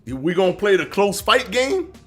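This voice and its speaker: A man hosting a live stream, arguing his points and answering chat comments in a casual, animated way. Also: high voice, moderate pace, faint music behind. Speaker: livestream host reading chat.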